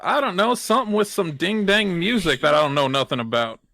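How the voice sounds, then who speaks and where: A man's voice: high voice, lively intonation, a little fast, gravelly, bright, forceful tone, no room sound, clean studio sound, voice pushed up, heavily acted. A man voicing a big, bumbling knight with a put-on American Southern drawl and folksy, exasperated grumbling. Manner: folksy, exasperated, says 'ding dang'.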